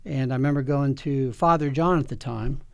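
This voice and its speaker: A man's voice: medium pitch, brisk, gravelly, clear, resonant tone, no echo. Earnest middle-aged man telling a story. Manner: earnest, emotional, animated storytelling with many restarts. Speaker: OB-GYN guest. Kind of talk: candid personal storytelling interview.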